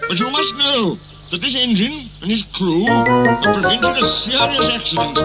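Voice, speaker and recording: Man playing a stately kind railway boss, high and lively voice, loud music under. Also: rough recording. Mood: measured. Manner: measured, impressive, kindly. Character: kindly authoritative male railway boss. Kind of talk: storybook reading.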